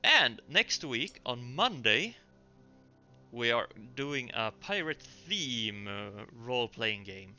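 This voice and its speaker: Bright-voiced man running a tabletop game. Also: mid-range voice, highs cut off, faint music behind. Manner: relaxed, halting narration with fillers. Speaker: game master. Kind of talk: narrating a tabletop game stream.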